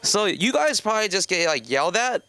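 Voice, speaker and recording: A man in his thirties from South Los Angeles works an open mic stand-up set, meandering through his story with constant fillers and restarts. His pitch swings widely. The sound is smooth and dry, close on a handheld stage mic. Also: sing-song, brisk, pushed and bright, dry recording. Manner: rambling, many fillers and self-interruptions. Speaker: stand-up comedian. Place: comedy club stage.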